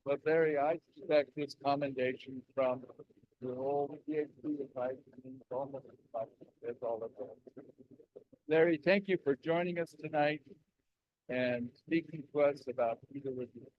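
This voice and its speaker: A man's voice: medium pitch, moderate pace, no room sound, highs cut off. Older man giving a hesitant introduction. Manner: hesitant, reads from notes. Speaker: event introducer. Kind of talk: formal introduction.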